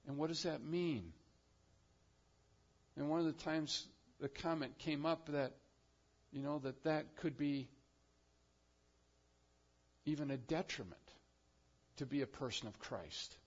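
A man preaching a sermon, swinging between loud emphatic declarations and quiet, drawn-out phrases. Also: mid-range voice, highs cut off. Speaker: pastor.

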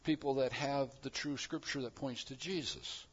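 A male pastor delivers a sermon at an ordinary mid pitch, sinking into hushed, reflective stretches and then rising into loud, emphatic proclamations. The recording sounds a little dull and lo-fi. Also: normal speed, breathy edge.

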